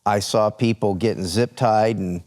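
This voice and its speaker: A man's voice: lowish voice, steady tone, normal speed, darkish tone. A man hosting a studio talk show, telling stories with many restarts and repeated words. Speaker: TV host.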